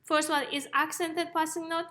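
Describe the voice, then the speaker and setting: A woman's voice: extremely high pitch, flat delivery, moderate pace, sharp tone. A woman teaching a music theory lesson, explaining step by step and checking in with "okay?" and "yes?". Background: piano notes played between phrases.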